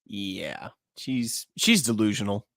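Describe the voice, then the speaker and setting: A man's voice: lowish voice, animated, takes it slowly, fairly bright tone. A man on a casual podcast, chiming in with short, blunt comments.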